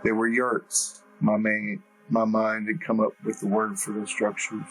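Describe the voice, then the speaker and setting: A man reading a first-person story as an audiobook narrator, in a measured, deliberate way. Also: lowish voice, monotone, fairly bright tone, soft background music, poor audio.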